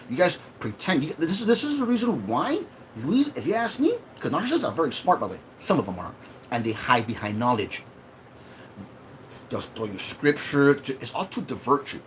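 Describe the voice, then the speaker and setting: A man's voice: mid-range voice, slight background noise. A man hosting a livestream, talking in an emotional, profane and confrontational way. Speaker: livestream host. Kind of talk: heated livestream rant.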